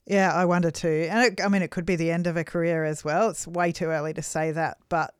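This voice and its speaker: Chatty woman, low-pitched. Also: little pitch movement, brisk, clean tone, no room sound, studio quality. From Australia. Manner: chatty, self-deprecating, laughs often. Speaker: podcast co-host. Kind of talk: casual chat.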